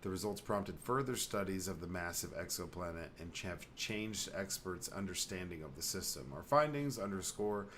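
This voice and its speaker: Low-voiced rambling podcast host. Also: male voice, expressive, a bit bright, a little hiss or hum. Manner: playful, rambling, reads articles aloud haltingly. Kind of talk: casual podcast chat.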